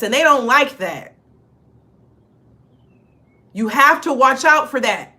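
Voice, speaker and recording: Bright-voiced woman giving a spiritual reading. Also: sits high. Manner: direct, emphatic, chatty with frequent "okay?". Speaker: spiritual reader channeling ancestor messages. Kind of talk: casual spiritual reading to camera.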